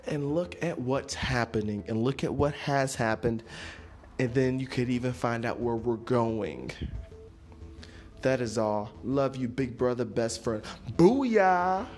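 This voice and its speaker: A man hosting a solo motivational podcast, talking in an animated, playful way with sudden jumps in pitch. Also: unhurried, soft background music. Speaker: podcast host.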